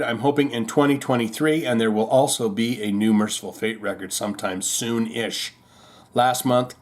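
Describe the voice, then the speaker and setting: A man hosts a rock news podcast in a loose, offhand way, wandering off topic with fillers and restarts. His voice sits at a mid pitch for a man. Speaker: podcast host. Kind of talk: casual rock news chat.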